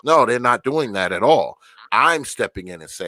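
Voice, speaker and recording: A man's voice: mid-range voice, expressive, normal speed, bright, forceful tone, no room sound. A man in his fifties, a grandfather, chatting casually on a podcast, easygoing, leaning on "you know" and cursing freely. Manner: laid-back, leans on "you know", swears freely.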